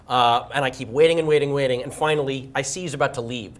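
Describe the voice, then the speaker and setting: Quick, self-deprecating male storyteller. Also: mid-range voice, steady tone. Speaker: celebrity guest. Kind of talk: comic anecdote on a game show.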